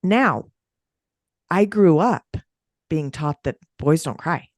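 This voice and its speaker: A woman who runs breathwork sessions, chatting on a podcast and telling stories with an animated, swooping delivery. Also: slow, dry recording. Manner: animated storytelling, big pitch swings. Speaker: breathwork facilitator. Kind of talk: podcast conversation.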